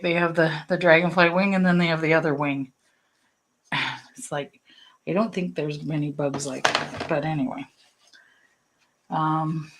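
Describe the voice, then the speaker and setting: This is a woman teaching painting on a casual live stream, her voice sitting a touch lower than most. She chats loosely, filling gaps with ums and likes and wandering into small asides. Her tone stays encouraging throughout. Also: a bit bright, poor audio. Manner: chatty and rambling, with many fillers and asides; reassuring, encouraging. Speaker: painting instructor.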